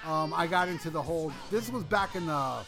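Man, casual co-host, crude rambling storyteller, slightly raised pitch, music clearly under the talk. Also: lively intonation, a little fast. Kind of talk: casual chat.

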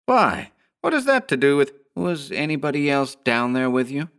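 A man's voice: mid-range voice, sing-song, normal speed, fairly bright tone, pitched above the performer's own voice. A man voicing brusque heavy-set male police officers who question a suspect in short, clipped phrases. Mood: interrogating. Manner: clipped, interrogating.

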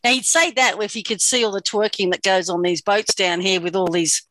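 A woman's voice: mid-range voice, fairly even intonation, fairly quick, fairly bright tone. A woman with an Australian accent hosting a podcast, talking frankly in a chatty way full of folksy sayings. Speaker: podcast host. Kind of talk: casual podcast conversation.

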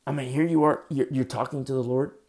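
A man preaching a sermon in an emphatic, conversational way, swinging from loud bursts to hushed asides. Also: medium pitch, steady tone, quick pace.

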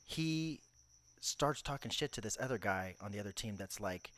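A man's voice: lowish voice, animated, moderate pace, fairly bright tone. A man on a casual podcast telling a long story, acting out the quotes and swearing freely. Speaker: podcast co-host.

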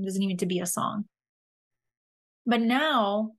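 A woman hosting a podcast, slowly and gently guiding listeners through a breathing and humming exercise. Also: medium pitch. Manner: gentle, slow guiding instructions with soft laughs. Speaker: podcast host leading a somatic exercise.

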